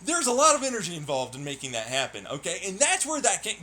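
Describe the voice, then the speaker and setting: A man's voice: high voice, huge pitch swings, fast talker, sharp tone, a little hiss or hum. A young man streaming alone, rambling while he plays, swearing, laughing and ranting in irritation. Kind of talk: rambling solo talk while playing.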